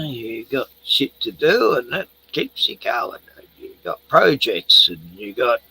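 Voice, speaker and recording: An older Australian man rambles slowly through a home livestream, tipsy from beer and swearing freely. His voice is gravelly and a little husky, with a bright, forceful edge. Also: medium pitch, poor audio. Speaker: livestream host. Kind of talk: rambling casual chat.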